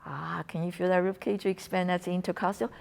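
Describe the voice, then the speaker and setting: A woman's voice: fairly low pitch, steady tone, brisk, creaky. Woman coaching a breathing lesson. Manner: coaching, encouraging, slips into soft whispers on cues. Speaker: wellness instructor.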